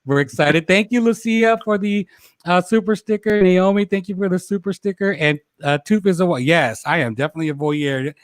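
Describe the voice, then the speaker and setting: A man's voice: sits high, fairly quick, dry recording, studio quality. Chatty, laughing livestream host in his forties. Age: 40s. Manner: chatty, laughs often, stumbles over words. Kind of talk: casual livestream chat.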